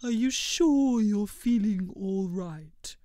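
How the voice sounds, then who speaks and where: A woman voicing a calm, polite creature who makes puddings, speaking in a slow and measured, proper way. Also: medium pitch, dry recording, clean studio sound. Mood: concerned. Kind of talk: storybook character reading.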